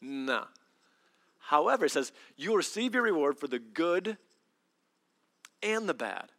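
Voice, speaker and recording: Animated, bright-voiced male preacher. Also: on the high side, a little slow. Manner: animated storytelling, acts out voices with big swings. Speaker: pastor. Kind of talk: sermon.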